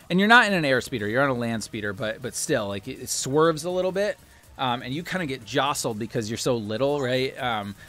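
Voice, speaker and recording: A man's voice: mid-range voice, fairly bright tone. A man narrating as game master in a tabletop game, rambling with many fillers.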